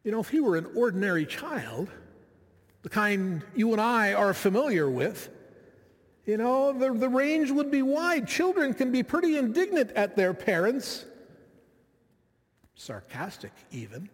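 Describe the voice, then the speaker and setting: High-voiced man preaching in an echoing hall. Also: very animated, a little slow. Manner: reflective, conversational, with frequent asides to the listeners. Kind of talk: sermon.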